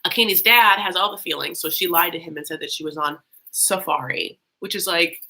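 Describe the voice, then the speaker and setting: A woman's voice: lowish voice, brisk, sharp tone, low-quality recording. A woman hosting a live reality-TV reaction, chatty and sarcastic with lots of rambling asides. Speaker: YouTube host.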